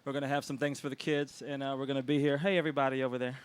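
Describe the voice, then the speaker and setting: A man, co-owner of a restaurant, hosting an outdoor anniversary celebration with emotional, grateful words and loud announcements. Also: medium pitch, flat delivery, very fast, smooth. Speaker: restaurant co-owner and event host. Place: outdoors on a city street.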